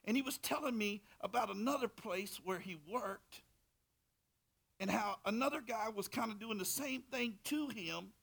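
A man delivers a fervent sermon testimony, his voice pitched a little high and full of gravelly fry. He swings between loud, emphatic bursts and hushed, intimate asides as he tells his story. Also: normal speed. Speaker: preacher.

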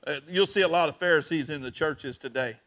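A man preaching an emotional sermon, rising loud and dropping to near hush. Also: a little high, brisk. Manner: emotional, swings between loud and hushed.

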